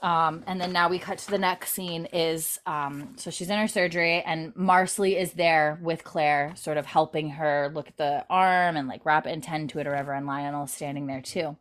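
A woman's voice: low-pitched, steady tone, moderate pace, few pauses. Chatty woman recapping a show. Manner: chatty, many fillers, retells scenes. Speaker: podcast host. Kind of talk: casual episode recap chat.

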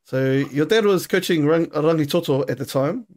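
This is a New man hosting a relaxed podcast. His voice sits notably high for a man. He tells stories in an animated, profane way and laughs often. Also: moderate pace. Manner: animated storyteller, swears freely, laughs often. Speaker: podcast host. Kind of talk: casual chat.

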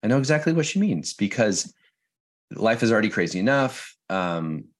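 A man's voice: fairly low pitch, big pitch swings, normal speed. A man in his thirties co-hosting a recovery podcast, telling stories in casual chat, with jokes and swearing. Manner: storytelling, swears, jokey. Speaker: podcast co-host.

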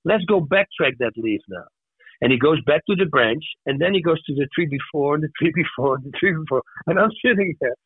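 A man on a podcast, telling personal stories in a lively, animated way and acting out the voices of the people in them. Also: on the high side, a little fast, breathy edge, no echo. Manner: animated storyteller who acts out voices. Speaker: podcast guest. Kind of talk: casual storytelling. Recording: tinny phone-like dry sound.

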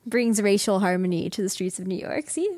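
A woman's voice: medium pitch, a little fast, no room sound. Giggly woman chatting, dry close sound. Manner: giggly, animated, acts out characters' lines. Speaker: podcast co-host. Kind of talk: casual discussion.

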